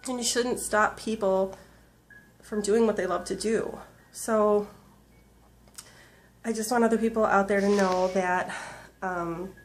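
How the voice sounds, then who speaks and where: A woman in her thirties, tearful, talking earnestly and haltingly in a personal video diary full of fillers. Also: mid-range voice, slight background noise. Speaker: vlogger.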